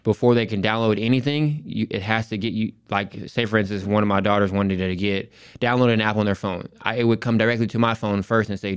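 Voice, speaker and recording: A man's voice: on the low side, steady tone, fast, few pauses, clean tone. A man in his thirties, a school principal as podcast guest, telling family stories in a casual, rambling way. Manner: storytelling, frequent restarts and "you know".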